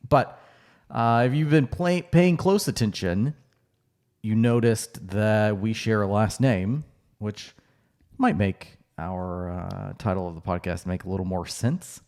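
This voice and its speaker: A man's voice: on the low side, a little slow, a little mellow. A man co-hosting a podcast in a casual, conversational way, with fillers and restarts. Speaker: podcast co-host.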